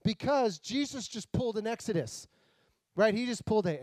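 A man's voice: sits high, normal speed, no echo. A man preaching a casual, jokey sermon, acting out the characters in the stories. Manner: animated, jokey, acts out voices. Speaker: pastor.

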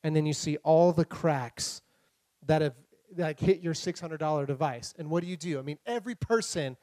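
A young man preaching a sermon, retelling scripture with lively humor, playful voices and sound effects. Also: a little high, moderate pace, no echo. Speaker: pastor.

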